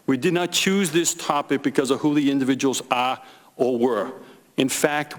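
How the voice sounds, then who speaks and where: A man giving prepared testimony as a witness at a congressional hearing, deliberate and emphatic, repeating key phrases. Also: medium pitch. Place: large hearing room. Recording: reverberant hearing room.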